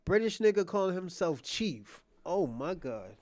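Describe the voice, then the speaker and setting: A man's voice: sits high, a little mellow, dry recording. A man hosting a livestream, ranting to his chat in a mocking, provocative way, cursing and repeating himself. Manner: profane, repetitive, restarts phrases. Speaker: livestream host.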